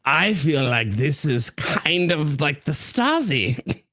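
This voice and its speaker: A man's voice: a little high, sing-song, bright, forceful tone, dry recording. A man co-hosting a podcast in casual chat, blunt and profane, talking into a headset. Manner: blunt and profane, quick asides. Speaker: podcast co-host.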